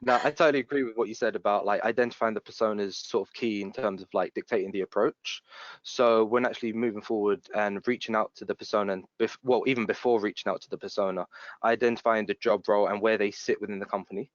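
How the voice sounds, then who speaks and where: Low-voiced man on a dry call. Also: fairly even intonation, dry recording, highs cut off. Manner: measured, explanatory, with "like" fillers. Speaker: sales rep, panelist. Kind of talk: casual panel discussion.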